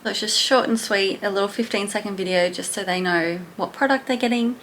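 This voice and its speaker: A woman's voice: mid-range voice, brisk, fairly bright tone, slight background noise. A woman talking casually to camera at home in a rambling, chatty small-business vlog. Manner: chatty and rambling, loses her train of thought.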